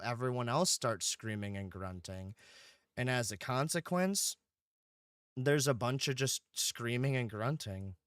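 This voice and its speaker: A man's voice: mid-range voice, fairly bright tone, clear, resonant tone, no room sound, studio quality. A man livestreaming a game, rambling casually with lots of swearing and "dude". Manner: rambling, profane, keeps saying dude. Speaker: streamer.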